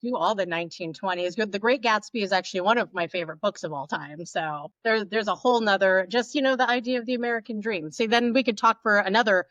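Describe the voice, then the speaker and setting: A woman's voice: medium pitch, fast, hardly any pauses, a bit bright, no room sound, lo-fi sound. A woman guest on a podcast, talking enthusiastically and at length about a film. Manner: enthusiastic, talkative, laughs easily. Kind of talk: casual chat about a film.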